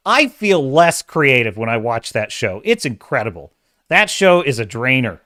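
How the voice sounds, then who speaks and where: A man's voice: medium pitch, very animated, moderate pace, bright, forceful tone, no echo, studio quality. A man hosting a casual commentary show, ranting in an emphatic, exasperated way. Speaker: host.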